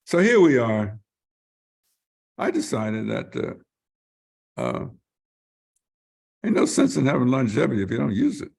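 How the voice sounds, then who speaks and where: With a mid-range, gravelly, slightly rough voice, an older man talks a little slowly and leaves long pauses. As an interview guest he tells vivid stories, animatedly performing what others said and at times repeating words as he gropes for them.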